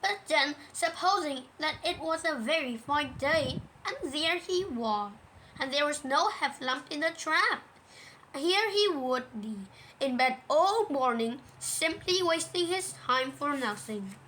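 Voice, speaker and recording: A woman reading a children's storybook aloud in a gentle, measured way. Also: sits high, animated, slight background noise, rough recording.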